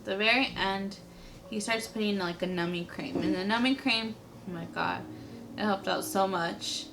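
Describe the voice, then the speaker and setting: A woman's voice: mid-range voice, moderate pace, vocal fry, background noise. A young adult woman vlogger telling a personal story to camera in a casual, chatty way, leaning heavily on "like" as a filler.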